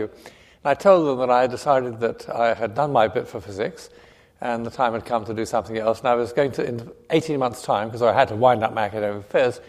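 An older man, a physicist and priest, giving a measured public lecture that explains things step by step. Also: medium pitch. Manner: measured, explanatory, with frequent restarts. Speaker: guest speaker, physicist and priest. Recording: echoey lecture hall.

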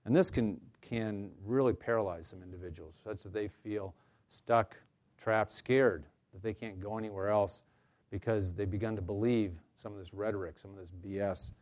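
Low-voiced man leading a workshop. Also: darkish tone. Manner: conversational, many fillers and restarts, light humor. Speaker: counselor leading a staff workshop. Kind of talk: informal workshop presentation. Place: room with a live audience.

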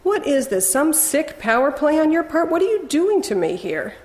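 A woman's voice: high voice, big pitch swings, moderate pace, a little mellow, roomy sound, big-room sound, voice pushed up. Woman doing a hissing, self-righteous ex-wife. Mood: indignant. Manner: hissing, sneering, insistent.

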